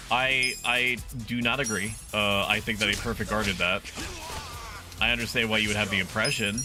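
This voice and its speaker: A man casually commenting on a game stream, swearing freely and reading game text aloud in a jokey way. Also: fairly low pitch.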